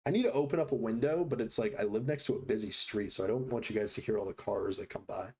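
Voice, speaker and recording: A man's voice: lowish voice, quick pace, a little mellow, slight background noise. A man streaming a game live from home, chatting casually, joking about himself and laughing often. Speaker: livestreamer. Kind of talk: casual live-stream chat while gaming. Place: home room next to a busy street.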